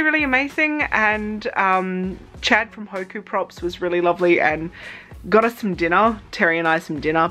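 An Australian cosplay vlogger chats casually in a vlog, excitedly telling a story and acting out her own reactions. Her voice sits low.

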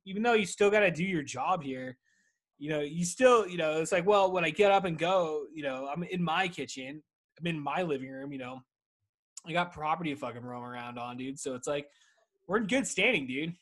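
A man's voice: fairly high pitch, fairly quick, fairly bright tone. A man hosting his podcast from home, rambling casually and swearing constantly in a laid-back monologue. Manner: rambling, profane, laid-back stoner chat. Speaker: podcast host.

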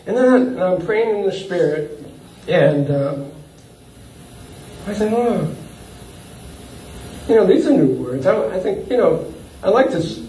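A man delivers a sermon in a high voice, animated and quick to chuckle. He stumbles through uh and repeated words as he goes. The mic is some distance off, so the hall's echo and a faint hiss of room noise carry around him. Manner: animated, chuckling often, with frequent uh fillers and repeats. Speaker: pastor. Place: church hall. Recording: echoey hall, from far off.

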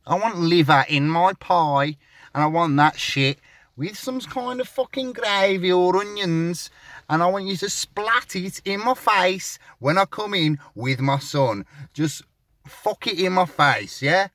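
A young man tells a crude, sweary comic story. His pitch jumps all over as he acts out chats, and the sound is dry with no room around it. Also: expressive, measured pace, a bit bright, no echo. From West Midlands, England. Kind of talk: rambling comic monologue.

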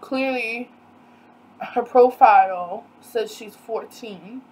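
A young woman recounts a dating story in a relaxed storytime vlog. Her voice sits a little high and she takes her time, drawing out the words. She slips into the voices of the people she quotes, full of disbelief. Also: slow, rough recording. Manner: animated, incredulous, quotes others in dialogue. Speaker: vlogger. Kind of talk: storytime vlog, casual retelling.

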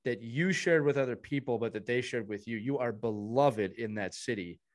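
Here is a male podcast host in casual chat, earnest and effusive, piling warm praise on the people beside him. His voice sits at an ordinary middle pitch for a man. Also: moderate pace.

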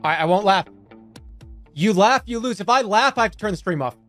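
High, lively-voiced streamer man. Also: brisk. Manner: excitable, jokey, prone to laughing fits. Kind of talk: casual livestream chat, reading viewer stories aloud. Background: faint music.

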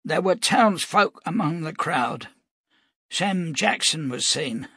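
A man voicing a firm old prophet, high and sly. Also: animated, takes it slowly, pushed and bright, husky, no room sound, exaggerated voice. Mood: probing. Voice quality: strong, firm voice. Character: frail old male prophet, firm and probing.

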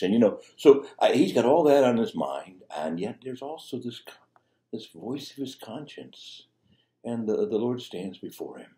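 A man's voice: medium pitch, big pitch swings, unhurried, dark tone. A man preaching a sermon as a priest, talking conversationally with fillers and restarts. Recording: echoey room.

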